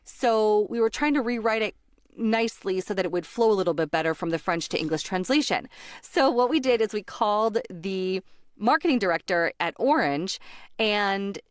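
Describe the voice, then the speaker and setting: A woman's voice: mid-range voice, animated, moderate pace, clear, resonant tone, no echo. Young american woman, bubbly, laughs a lot telling a story, dry close sound. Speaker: voice actor sharing a story. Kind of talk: casual storytelling.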